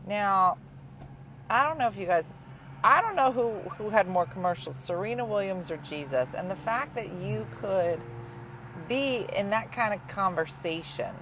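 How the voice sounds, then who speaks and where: A woman hosting a casual chat, telling a story in an animated way and acting out the voices of the people she quotes. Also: on the low side, noisy background.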